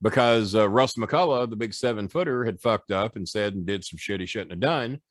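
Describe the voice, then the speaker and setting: A man's voice: fairly low pitch, moderate pace, no room sound. Profane old storyteller man, dry close sound. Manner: animated storyteller, profane, doing voices. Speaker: guest, former wrestling manager. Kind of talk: podcast storytelling.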